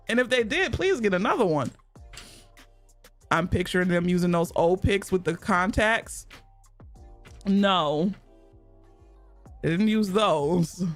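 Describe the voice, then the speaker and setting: Young woman streamer, animated and laughing, salty casual chat, soft music underneath. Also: medium pitch, takes it slowly, pauses often. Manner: blunt, profane, laughs often.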